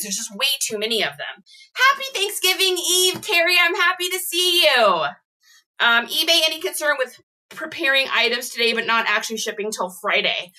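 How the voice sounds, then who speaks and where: A woman's voice: fairly high pitch, pushed and bright. A woman from Texas with a mild Texan accent, hosting a casual reseller livestream and chatting straight to her viewers in an upbeat way. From Austin, Texas.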